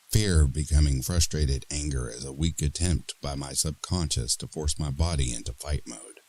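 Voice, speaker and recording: A man narrating a horror story in a dramatic, expressive reading style. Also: rumbling low, moderate pace, hardly any pauses.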